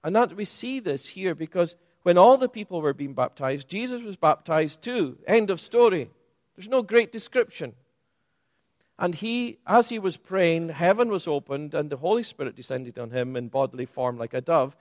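A man preaching a sermon, stressing key words by rising and then dropping low and soft. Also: expressive, normal speed, no echo, clean studio sound.

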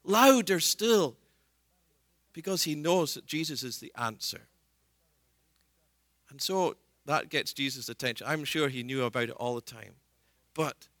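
A man's voice: mid-range voice, normal speed, pauses often, a bit bright, dry recording. A man preaching a sermon in an earnest way, retelling scripture scenes and voicing the people in them.

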